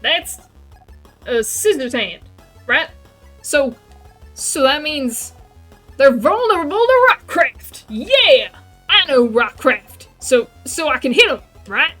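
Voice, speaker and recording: A woman voicing a high eager young kid. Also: extremely slow, long pauses, soft background music, exaggerated voice. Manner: high, pleading, excitable. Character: eager anxious young kid, gender unstated.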